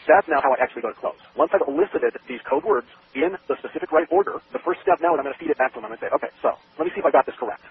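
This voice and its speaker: A man giving interview answers about a sales method, talking fast and acting out both sides of a sales conversation. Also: a little high, animated, vocal fry. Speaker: sales trainer. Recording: tinny phone line with faint noise.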